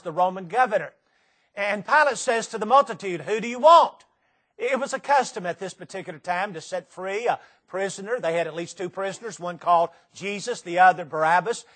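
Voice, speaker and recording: High-voiced impassioned man preaching. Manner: impassioned preaching with dramatic shifts in loudness and pace; repeats phrases for emphasis. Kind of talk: sermon.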